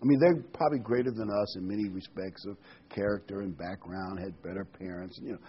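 In a lowish, brisk voice with a breathy edge, a pastor delivers a Bible study sermon on a dull lo-fi recording, reading scripture aloud, joking, and putting stress on key words.

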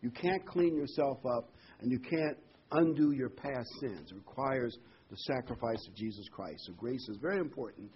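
A man's voice: mid-range voice, moderate pace, muffled recording, a little hiss or hum. A man preaching a folksy, rambling sermon full of homely examples and corny jokes.

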